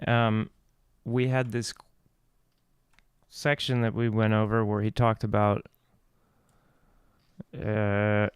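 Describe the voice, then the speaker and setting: Man, host, casual video chat, rambling, smooth resonant voice, dry close sound. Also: on the low side, monotone, slow pace, pauses often, no room sound. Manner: rambling, restarts thoughts, laughs often.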